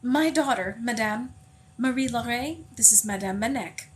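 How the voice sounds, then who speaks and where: A woman's voice: a little high, expressive, a little slow. A woman reading aloud and voicing a weary, courteous father, close to her own voice. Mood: polite. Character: weary, polite father, middle-aged man.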